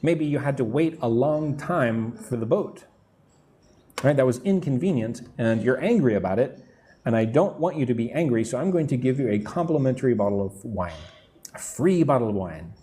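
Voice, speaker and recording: A man based in Vietnam leads a live English lesson with a dark, mid-range voice and lively intonation. He goes through words slowly and checks in with the class, while construction noise is nearby.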